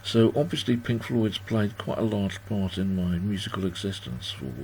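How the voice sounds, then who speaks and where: A man's voice: on the low side, normal speed, a little mellow, a little hiss or hum. A man in his sixties hosting a livestream party from home, chatting in a rambling, self-deprecating way as he reads out viewers' comments. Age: 60s. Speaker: host of a livestream birthday party. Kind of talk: casual chat.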